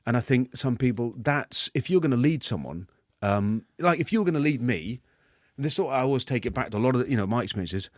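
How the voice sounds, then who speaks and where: A man's voice: medium pitch, expressive, brisk, no echo, clean studio sound. A middle-aged man from England, a guest telling a story in a conversational way and repeating words as he thinks aloud. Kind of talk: reflective storytelling.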